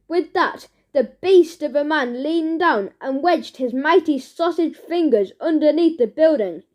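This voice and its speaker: Slow high-voiced woman reading a children's story. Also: expressive, darkish tone. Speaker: audiobook narrator.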